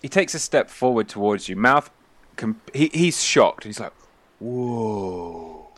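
A man narrating as game master of a tabletop game, throwing in quick voices for the characters. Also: mid-range voice, expressive, fairly bright tone, dry recording. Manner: voices the sailors in quick asides.

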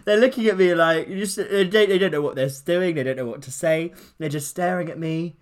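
A man's voice: fairly high pitch, fairly quick. A man, co-hosting a casual podcast chat and telling a funny story animatedly, laughing as he goes. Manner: animated, laughs through his story, acts out quoted lines. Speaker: podcast co-host.

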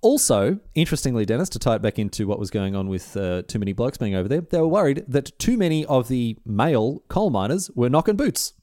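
Aussie podcast co-host, young man, animated raconteur, mid pitch, dry booth sound. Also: quick pace, few pauses, no echo. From Australia. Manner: animated storyteller, breaks into joking voices. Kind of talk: casual chat.

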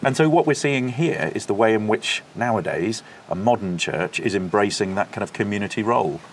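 A man's voice: on the low side, lively intonation, brisk. A man co-hosting a podcast, talking enthusiastically and explaining history at length, recorded outside in a windy courtyard. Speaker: podcast co-host. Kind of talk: casual chat.

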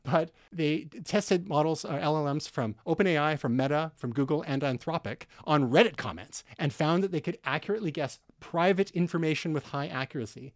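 Chatty Canadian man, higher voice, dry sound. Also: brisk, hardly any pauses, dry recording. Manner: conversational, explains with frequent fillers and restarts. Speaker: podcast co-host. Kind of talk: casual tech podcast chat.

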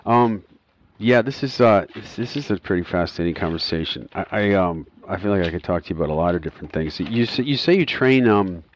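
A man's voice: deep voice, animated, a little fast, muffled recording. A man hosting an interview, telling rambling anecdotes and laughing often. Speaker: podcast host. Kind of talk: conversational interview.

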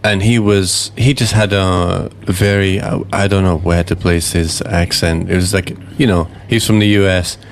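A man's voice: low-pitched, steady tone, normal speed, few pauses, slight background noise. A British man hosting a casual podcast chat, thoughtful and rambling with many fillers.

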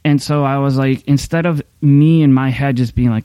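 Candid, rambling man pastor, mellow voice. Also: medium pitch, steady tone, moderate pace, hardly any pauses, smooth, no echo. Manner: candid, rambling, many restarts and fillers. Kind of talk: casual sermon talk.

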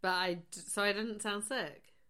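A woman's voice: medium pitch, fairly even intonation, normal speed, bright, forceful tone, smooth. Female podcast co-host, laid-back and giggly, swears casually. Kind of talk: casual chat.

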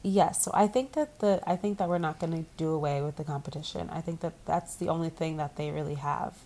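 A woman's voice: low voice, fairly quick, warm tone, slight background noise. A woman with a stuffy nose chatting as a podcast co-host over a video call, acting out quotes and laughing. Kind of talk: casual chat. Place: resort room.

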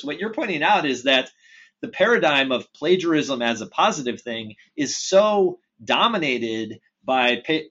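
A man's voice: a little high, a bit bright, husky, dull audio. A man talking as a podcast guest, thinking aloud in a casual, loose way. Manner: thoughtful, with many fillers and restarts. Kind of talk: casual conversation.

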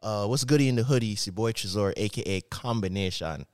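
A young man co-hosting a podcast, playful and quick to joke back in casual chat. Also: on the low side, darkish tone. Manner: playful, denies and jokes back. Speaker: podcast co-host.

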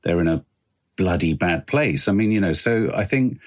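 A man's voice: low-pitched, lively intonation, normal speed. A middle-aged British man co-hosting a podcast, musing thoughtfully in casual chat. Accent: British English. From Britain. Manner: thoughtful, musing, with many fillers. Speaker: podcast co-host.

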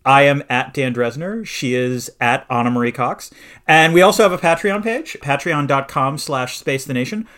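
A man's voice: mid-range voice, moderate pace, fairly bright tone. A middle-aged man co-hosting a casual podcast, amiable and often chuckling, with rambling asides. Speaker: podcast co-host.

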